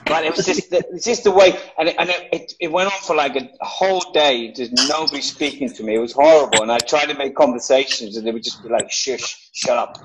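A man on a panel telling a story in an animated, profane way, acting out shouted lines. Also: a little high, quick pace, hardly any pauses, background noise. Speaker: actor on a reunion panel. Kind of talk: casual anecdote.

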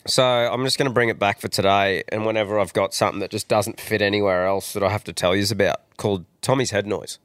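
Casting: young Australian man, podcast host, crude jokey banter, smooth voice. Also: fairly low pitch, fast, few pauses, no room sound, clean studio sound. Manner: crude, jokey, animated storyteller. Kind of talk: casual banter.

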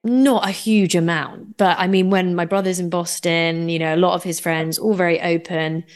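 A woman hosting a casual podcast interview, relaxed and hesitant, with many fillers. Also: on the low side, moderate pace, clear, resonant tone. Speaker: podcast host.

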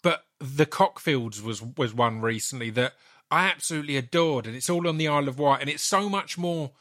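A man hosting a casual chat, enthusiastic and quick to agree, asking questions and sharing his own favourites. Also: mid-range voice, pushed and bright.

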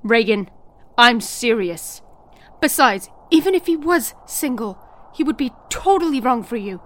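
An actress playing an exasperated, protective older sister in an audio drama, scolding firmly. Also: female voice, a little high, expressive, unhurried, fairly bright tone.

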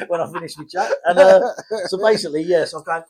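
A man's voice: high voice, a little fast, a crowd in the background. A man co-hosting a podcast, telling a story in casual banter, swearing and laughing. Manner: swearing, laughing, animated anecdotes. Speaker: podcast co-host.

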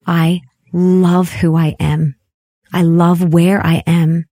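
Warm, earnest woman podcaster in her thirties. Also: on the low side, little pitch movement, no room sound, studio quality. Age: 30s. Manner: earnest, effusive and repetitive, slowing down for emphasis. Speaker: podcast host. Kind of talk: heartfelt solo podcast monologue.

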